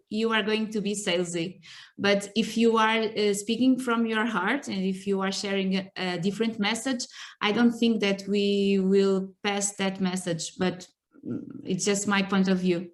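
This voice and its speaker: A woman panelist answering a question over a video call, hesitant and modest, with a soft laugh. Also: mid-range voice, fairly even intonation, a little slow. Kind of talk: discussion answer.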